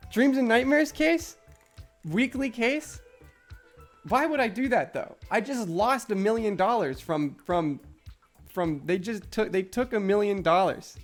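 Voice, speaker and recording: A young man with a high voice chats casually on a live stream while gaming, speaking at a measured pace. He rants in frustration, swears a lot and says "like" constantly, with faint music playing underneath.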